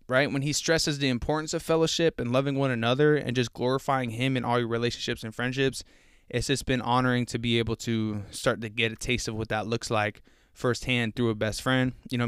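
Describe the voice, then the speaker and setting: Earnest, rambling young man, smooth voice. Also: mid-range voice, steady tone, brisk, a bit bright, dry recording, studio quality. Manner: rambling, earnest, lots of fillers and restarts. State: slightly out of breath. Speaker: podcast host. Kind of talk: casual faith podcast talk.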